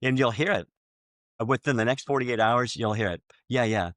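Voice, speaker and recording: A man hosting a podcast, chatting casually and acting out both sides of sales conversations, with many halting restarts. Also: medium pitch, fairly bright tone, no room sound. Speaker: podcast host.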